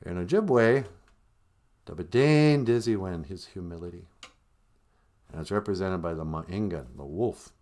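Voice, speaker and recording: A man's voice: deep voice, expressive, unhurried, pauses often, a little mellow. A man telling a traditional story on a live-streamed podcast in a casual, conversational way, laughing often.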